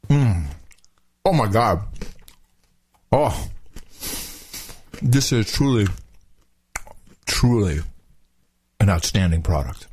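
A man's voice: lowish voice, lively intonation, very slow, pauses often, darkish tone, a little hiss or hum. A man co-hosting a podcast in casual chat, ranting and exclaiming. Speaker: podcast co-host.

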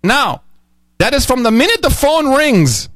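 A man's voice: very high voice, sing-song, unhurried, a bit bright, no echo, clean studio sound, pitched above the performer's own voice, heavily acted. A man voicing a polite male phone-company agent with an Indian accent, in overly polite, upbeat sales patter. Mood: politely upbeat.

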